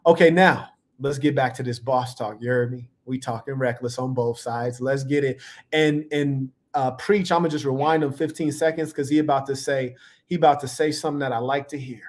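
A man's voice: mid-range voice, fairly even intonation, moderate pace. A man hosting a live reaction stream, talking in a laid-back, playful, slang-heavy way. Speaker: livestream host. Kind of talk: casual live reaction commentary.

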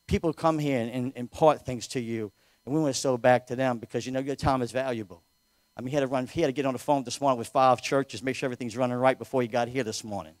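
Fervent pastor leading prayer. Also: male voice, medium pitch, clear, resonant tone, dry recording. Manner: fervent, repeats amen often. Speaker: local pastor. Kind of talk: sermon offering and prayer. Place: church sanctuary.

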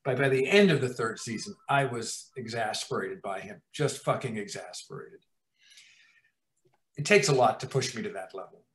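A man, a TV writer-producer, telling profane, animated stories in an interview and acting out scenes. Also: medium pitch, moderate pace. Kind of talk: anecdotal storytelling in an interview. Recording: roomy echo.

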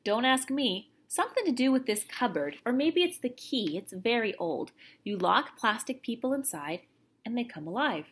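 A woman's voice: a little high, sing-song, normal speed, slightly rough, voice pushed up. A woman reading as an urgent, insistent young boy. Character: boastful young boy keeping a secret.

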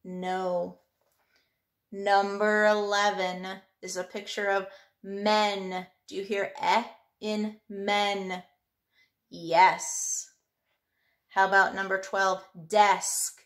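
A woman's voice: medium pitch, little pitch movement, drawn-out words, long pauses, a bit bright. A woman teaching a phonics workbook lesson to a child, sounding out letters patiently.

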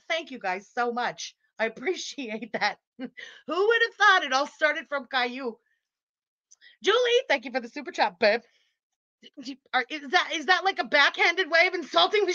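Her voice is high-pitched, pushed and bright, captured dry on a muffled built-in computer mic. This woman from Quebec, Canada, hosts a livestream and chats casually as she reads out super chats, laughing often, ribbing her audience and cursing without restraint.

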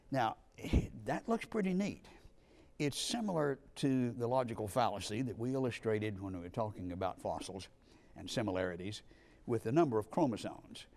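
A man with a lowish voice delivers a lecture in a conversational, argumentative way. He leans hard on key words to drive each point home. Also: a little mellow. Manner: emphatic, argumentative, punchy stresses on key words.

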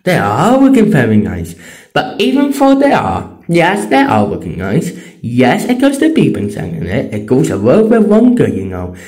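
A man's voice: wildly swooping pitch, normal speed, darkish tone. A man giving casual, enthusiastic commentary on traffic lights, repeating himself often. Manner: repetitive, enthusiastic, jumping pitch. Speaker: vlogger.

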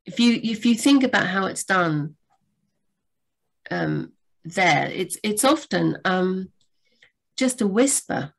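A woman co-hosting a live writing Q&A, chatty and rambling, with sudden lively jumps in pitch. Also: slow pace, pauses often. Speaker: book editor and co-host. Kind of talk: live Q&A chat.

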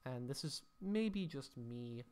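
A man's voice: medium pitch, lively intonation, slow pace, darkish tone, clean tone. Man explaining Latin scansion step by step. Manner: explanatory, thinking aloud, mock-dramatic sighs. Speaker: teacher.

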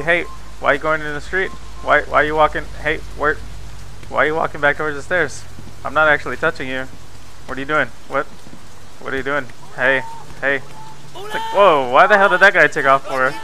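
A man's voice: a little high, sharp tone, rough recording. Profane, joking young man over noise. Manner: profane, mocking, playful banter. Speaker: gameplay video host. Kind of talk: joking commentary over gameplay footage. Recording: background noise under the voice.

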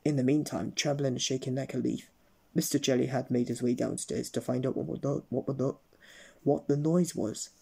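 A man's voice: mid-range voice, fairly even intonation, a little fast, creaky, mellow, slightly rough. A man reading a children's story aloud in a playful storytelling manner. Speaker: storybook reader.

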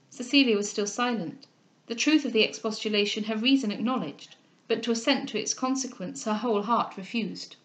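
A woman narrating a novel as an audiobook reader, measured and clear. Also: fairly high pitch.

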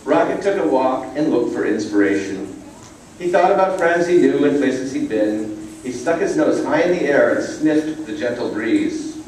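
A man gently reading a children's picture book aloud, adding casual asides. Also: medium pitch, animated, moderate pace, slight background noise. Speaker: storybook reader. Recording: echoey room from far off.

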